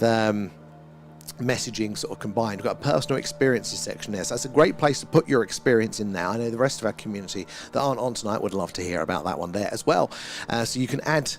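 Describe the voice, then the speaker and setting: A middle-aged man hosting a live stream, chatting casually and reading viewer comments, rambling with fillers and frequent laughs. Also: medium pitch.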